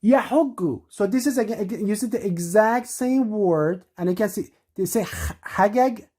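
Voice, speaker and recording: A woman's voice: mid-range voice, mellow, husky. Emphatic woman teaching scripture. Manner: emphatic, slows to stress key words. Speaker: religious teacher. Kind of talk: scripture-reading lecture.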